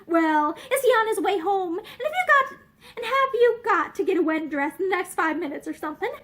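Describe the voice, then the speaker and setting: Woman doing a brisk no-nonsense young woman, dry and blunt, high lively voice.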